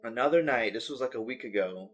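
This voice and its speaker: A man hosting a podcast, chatting casually and telling an animated story with bursts of mock announcer hype. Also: medium pitch, quick pace, music in the background. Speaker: podcast host. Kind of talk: casual chat.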